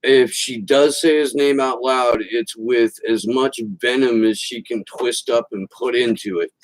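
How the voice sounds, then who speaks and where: A male podcast host delivers political commentary with a sarcastic, mocking edge. His pitch sits right in the middle for a man, and he reads quotes aloud between his jabs. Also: measured pace, low-quality recording.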